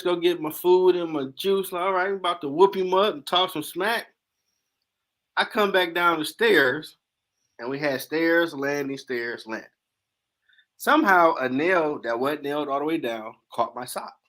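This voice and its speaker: Animated man host telling funny stories. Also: on the high side, normal speed. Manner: animated, acts out dialogue in slang. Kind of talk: casual storytelling.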